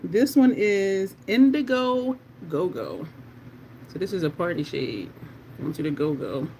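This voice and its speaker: An excitable, chatty beauty livestream host swatching makeup at home and talking straight to the chat. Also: medium pitch, measured pace, slight background noise. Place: at home in Delaware.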